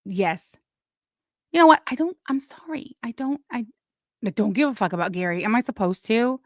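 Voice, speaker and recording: A woman hosting a live stream, giving casual gossip commentary in a blunt, crude way with sudden loud, excited bursts. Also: on the high side, moderate pace, dry recording, studio quality. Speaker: livestream host.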